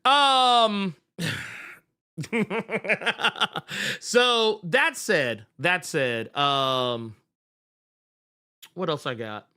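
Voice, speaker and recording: Animated, bright-voiced male podcast host. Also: high voice, drawn-out words, long pauses, smooth. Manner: animated, profane, blunt. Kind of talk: casual podcast chat.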